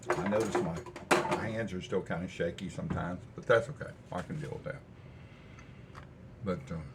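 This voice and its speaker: Older man, very deep voice, folksy and easygoing, rambling cooking-vlog chat, home kitchen, faint background noise.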